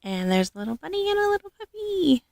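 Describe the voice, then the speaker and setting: A woman showing off her doll collection in a casual vlog, gushing and affectionate, with frequent soft laughs. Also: very high voice, big pitch swings, fast, gravelly, no echo, studio quality. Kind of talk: casual show-and-tell vlog.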